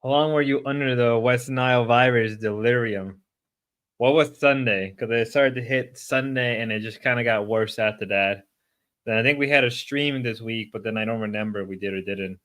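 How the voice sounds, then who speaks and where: Sick, rambling male streamer with a bright voice. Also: medium pitch, moderate pace. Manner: rambling, with loud outbursts. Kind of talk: casual stream chat.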